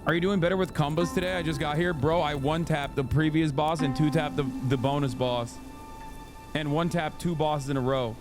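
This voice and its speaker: A man in his thirties with a slightly high voice riffs casually while he plays a video game, cracking jokes and answering his chat. Loud game music plays under his voice. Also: steady tone, a little fast. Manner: joking, talks to chat. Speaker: streamer host. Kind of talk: casual gameplay commentary.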